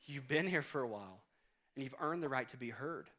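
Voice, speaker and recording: A man's voice: mid-range voice, expressive, fairly quick, sharp tone. A man in his late thirties preaching a sermon as pastor, in a conversational, storytelling way with humor. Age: 30s. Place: church auditorium stage.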